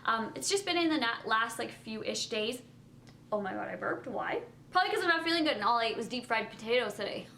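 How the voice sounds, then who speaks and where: Young woman vlogging at home, chatty w lots of ums and likes, kinda high voice, faint hiss behind. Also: expressive, fast talker, vocal fry, bright, forceful tone. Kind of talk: casual talk to camera. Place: home at night, indoors.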